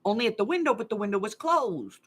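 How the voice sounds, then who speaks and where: Fast, very animated, and husky, her fairly high-pitched voice drives the chatter. A middle-aged woman hosts a craft channel live game from a hot room at home, telling rambling stories and laughing frequently.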